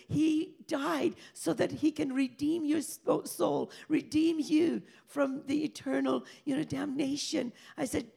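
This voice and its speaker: A woman preacher telling a testimony and praying fervently, building to shouted prayer. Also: high voice, creaky, slightly rough.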